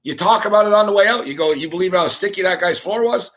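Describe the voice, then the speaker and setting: A male sports talk host tells a story in a casual, exasperated rant. He swears freely and laughs often as he talks. His voice sits a little higher than most men's. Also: fast, fairly bright tone. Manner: profane, exasperated ranting with frequent laughs.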